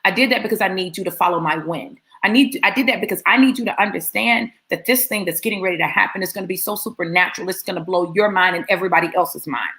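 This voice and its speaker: A woman voicing a calm, loving God who speaks firmly and reassuringly to his daughter. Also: on the low side, fast talker, hardly any pauses. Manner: firm, reassuring, quietly spoken.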